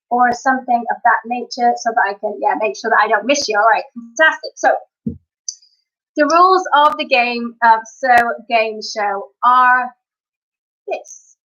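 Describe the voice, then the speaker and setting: Bright high woman chatting live. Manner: chatty, upbeat, quick asides to viewers. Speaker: live-stream singer and entertainer. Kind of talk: casual live-stream chat. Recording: dull lo-fi stream audio.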